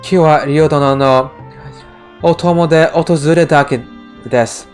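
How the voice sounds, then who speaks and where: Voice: medium pitch, steady tone, a little slow, a little mellow, soft background music, lightly acted. A streamer reading out a stiff, formal male retainer's game lines in a plain voice. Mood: apologetic.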